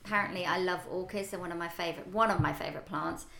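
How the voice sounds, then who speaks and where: A woman co-hosting a local podcast, chatting in a cheerful, rambling way with plenty of fillers. Her voice sits a little low for a woman, and the room adds a clear echo. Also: fast, sharp tone, a little hiss or hum. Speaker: podcast co-host. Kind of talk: casual chat. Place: office or shared workspace. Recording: roomy echoey room.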